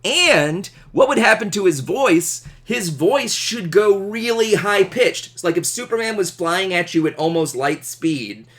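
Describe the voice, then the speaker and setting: A man teaching an astronomy class, animated and jokey, asking questions. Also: high-pitched, measured pace, hardly any pauses. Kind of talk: classroom lecture.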